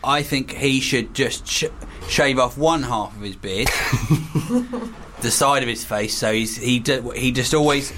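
A man's voice: medium pitch, expressive, slow, background noise. A man co-hosting a comedy radio show, teasing and playful. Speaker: radio co-host.

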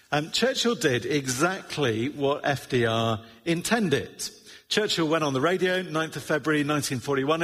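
A man's voice: medium pitch, a bit bright, breathy edge. A middle-aged man preaching a sermon in a conversational way, with wry asides. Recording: long reverb of a large hall.

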